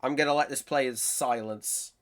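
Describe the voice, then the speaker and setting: A man's voice: medium pitch, steady tone, normal speed, a bit bright, slight background noise. A man hosting a casual reaction video, gushing about game trailers, swearing often and restarting his sentences.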